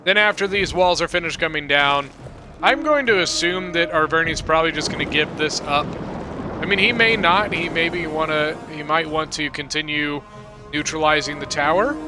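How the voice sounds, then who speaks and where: A man's voice: fairly high pitch, a little slow. A man giving casual, rambling commentary on a strategy game replay, correcting himself as he goes. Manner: rambling, self-correcting, chatty. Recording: clear background music.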